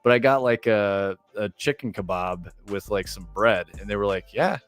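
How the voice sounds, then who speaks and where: Low-voiced American man, casual streamer. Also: normal speed, smooth, no room sound. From United States. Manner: loose, rambling, filler-heavy, profane. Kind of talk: casual storytelling on a livestream. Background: faint music.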